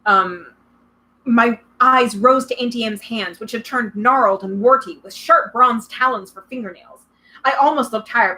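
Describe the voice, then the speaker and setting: Brief: a woman narrator reading a children's adventure novel aloud, bright, fairly high, expressive. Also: poor audio. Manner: expressive, dramatic first-person narration. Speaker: reader.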